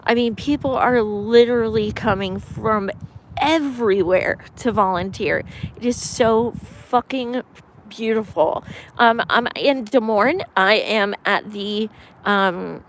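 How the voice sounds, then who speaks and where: A woman from Pennsylvania, a campaign volunteer, chatting casually on a live stream, emphatic and excited, swearing, with lots of ums. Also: mid-range voice, slow pace, slight background noise. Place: outdoors in winter.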